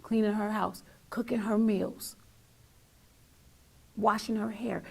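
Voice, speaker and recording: This middle-aged woman takes her talk show monologue slowly, her medium-pitched, creaky voice barely moving in pitch and pausing often. She speaks to viewers with emotion, shifting from loud to near-whisper and repeating lines for weight.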